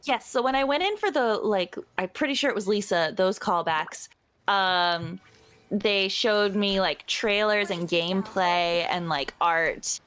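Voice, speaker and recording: A female voice actress, a guest in a casual chat, talking in a giggly, chatty way with quick bursts. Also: medium pitch, fairly bright tone, clean tone.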